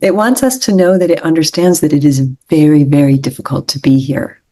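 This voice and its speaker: Woman guest author, low mellow voice, earnest and gentle, reflective interview talk. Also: brisk. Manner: earnest, gentle, repeats phrases for emphasis.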